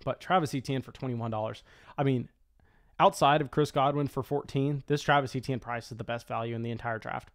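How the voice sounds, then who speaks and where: A man giving live commentary on a fantasy football auction draft, talking quickly and excitably with frequent stammered restarts. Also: medium pitch.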